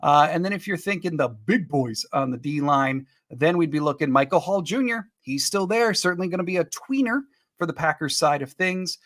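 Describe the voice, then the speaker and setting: Chuckling and tossing quick asides to viewers, this upbeat podcast host goes over sports picks and reads comments on his live stream. His voice is fairly high, expressive, and a bit bright, in a dry recording with clean studio sound.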